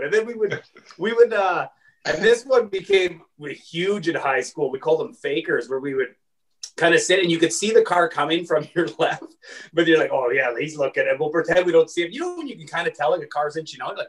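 A man's voice: on the high side, expressive, brisk, distant mic, rough recording. A man telling rowdy stories as a comedian guest in a casual podcast chat, rambling, swearing and acting out voices. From Saskatchewan, Canada.

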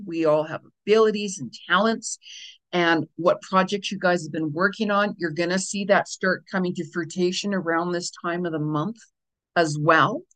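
A woman's voice: mid-range voice, rough recording. Chatty woman giving a spiritual reading. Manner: chatty, repeats phrases, drifts into soft asides. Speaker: astrology and spiritual reader. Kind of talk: casual spiritual reading to viewers.

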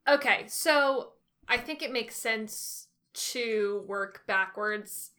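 Bright-voiced, animated woman co-host. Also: on the high side, slow pace. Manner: animated, self-correcting, laughs often. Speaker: podcast co-host. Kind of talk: casual chat.

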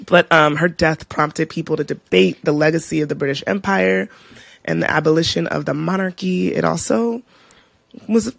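Gravelly-voiced woman podcast co-host. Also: deep voice, normal speed, dry recording. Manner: expressive, animated storytelling. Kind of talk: casual chat.

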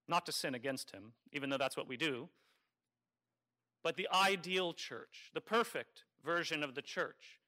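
A man preaching a homily in a conversational, wry way, teasing his listeners and slowing down to stress key phrases. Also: on the high side, bright, forceful tone. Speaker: Catholic priest. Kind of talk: sermon.

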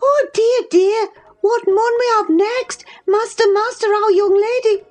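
A woman's voice: very high voice, unhurried, darkish tone, voice pushed up. A woman voicing a frantic young servant girl, gasping and stammering in an audiobook reading. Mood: panicked.

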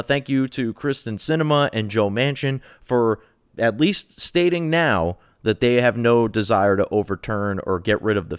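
Sarcastic man ranting with a crisp voice. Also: lowish voice, dry recording, studio quality. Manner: profane, mocking, sarcastic. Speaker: political commentary host. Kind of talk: sarcastic political rant.

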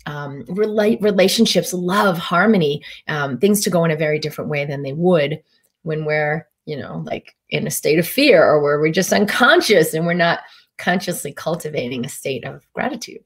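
Easygoing woman physician, slightly low voice. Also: normal speed, husky. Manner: meandering, easygoing talk with frequent fillers and restarts. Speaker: physician hosting a live stream. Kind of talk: casual live-stream talk on wellness. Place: Durango, Colorado.

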